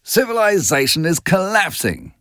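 A man's voice: sits high, big pitch swings, moderate pace, no room sound, studio quality, pitched above the performer's own voice, heavily acted. A man reading aloud, voicing an arrogant, brutish rich husband who speaks bluntly. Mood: angry. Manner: blunt, forceful.

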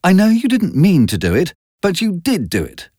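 A flighty young society woman in a storybook reading, her voice lifted high and gushing, as a male narrator puts her on. The delivery is slow and swoops up and down, close and dry. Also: wildly swooping pitch, darkish tone, dry recording, exaggerated voice. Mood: plaintive.

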